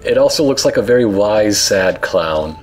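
Playful joking young man with a low voice. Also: animated, moderate pace, faint music behind. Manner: joking, playful, mock-soothing asides. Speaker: let's play co-host. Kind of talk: casual gameplay commentary.

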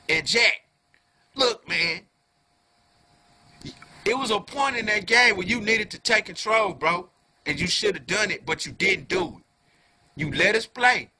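A man giving a heated fan rant to camera, full of profanity and street slang, dropping low then flaring into loud outbursts. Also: husky. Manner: profane slangy talk, keeps calling listeners "dog"; swings from low muttering to loud angry outbursts. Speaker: fan video reviewer.

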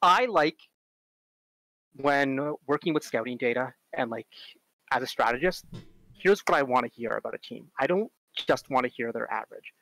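A man giving a casual conference talk, chatty, full of fillers, and animated when he tells stories. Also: medium pitch, normal speed, vocal fry, slight background noise, poor audio. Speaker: conference speaker on robotics strategy.

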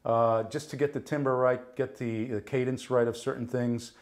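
A man from New Jersey tells stories from his acting life in a relaxed interview. He talks with energy, slips into other people's voices when he quotes them, and swears in passing. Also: mid-range voice, moderate pace. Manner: animated, acts out quoted voices, swears casually. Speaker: guest actor. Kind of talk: casual interview storytelling.

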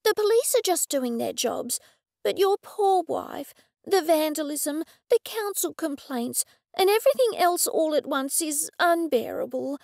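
A woman's voice: high voice, lively intonation, a little slow, creaky, no room sound, studio quality, pitched above the performer's own voice, full character voice. A woman voicing a sincere, consoling hostess. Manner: gentle, consoling, earnest. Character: sincere, soothing eccentric woman hosting a dinner.

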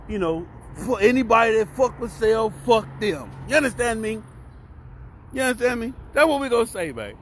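A fifty-one-year-old man with a Southern US accent, talking straight to the camera in a loose, profane rant. His voice sits a little high for a man. He swings from bursts of shouting down to low mumbles, with faint street and traffic noise around him. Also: big pitch swings, normal speed. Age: 50s. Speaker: vlogger and podcast host. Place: cheap hotel room near train tracks.

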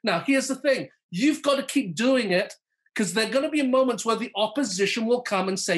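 This man, with a high-pitched and brisk voice, is preaching a sermon during a live online church service. Nearly every point ends with a check-in like "okay?" or "all right?", and he calls on listeners by name while acting out the lines he quotes.

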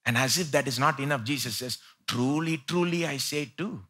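A male pastor preaching a live church sermon, swinging between loud pleading and quiet asides. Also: on the high side, moderate pace, hardly any pauses, breathy edge. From India.

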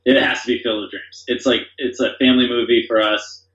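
A man's voice: mid-range voice, little pitch movement, fairly quick, fairly bright tone. A man talks as a podcast guest, eager and rambling, piling up fillers as he goes. His voice sounds roomy and slightly dull, as if recorded in an echoey space on modest gear. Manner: enthusiastic, rambling with many fillers. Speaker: podcast guest, company founder. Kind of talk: casual conversation.

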